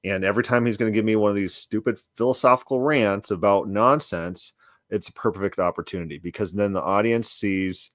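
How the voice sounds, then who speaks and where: A man's voice: lowish voice, fairly quick, no echo, studio quality. A man casually looking back on a debate he took part in, stumbling over and repeating words while bluntly dismissing his opponent. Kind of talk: casual commentary.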